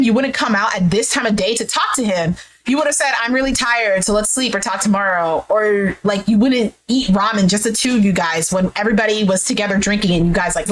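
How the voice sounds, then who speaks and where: A woman recapping a dating show episode in a casual, animated way, quoting the cast as she retells each scene. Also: on the high side, low-quality recording. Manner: retells scenes animatedly, acting out quotes with "he's like". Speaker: recap vlogger. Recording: faint background noise.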